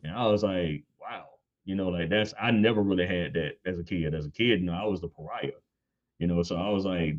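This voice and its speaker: A man in his thirties tells stories about his son in a casual, animated way, laughing often. His speaking voice sits very low, but he leaps up high to act out what people said. The recording sounds a little dull and lo-fi. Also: fairly quick. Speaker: guest on church panel. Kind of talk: casual storytelling.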